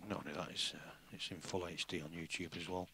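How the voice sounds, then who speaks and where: This is a man co-commentating on a live pool broadcast. He talks in a steady, matter-of-fact way, and his voice sits fairly low. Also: fast talker, background noise.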